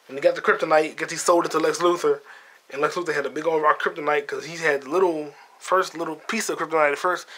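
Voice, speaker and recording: A man's voice: on the high side, fairly bright tone. A man hosting a podcast, retelling a film in a rambling, profane, slang-heavy casual chat. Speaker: podcast host. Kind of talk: casual movie review chat.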